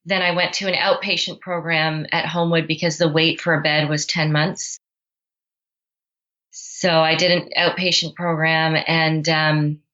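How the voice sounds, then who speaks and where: A woman's voice: low voice, sharp tone, dull audio. A woman guest in a podcast interview, telling her story candidly with many "you know" and "right?" asides. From Canada.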